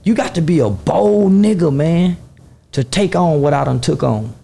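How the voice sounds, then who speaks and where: A man's voice: on the high side, animated, moderate pace, vocal fry, dark tone. A man talking boldly and emphatically as a guest in a casual interview. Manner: bold, boastful, emphatic.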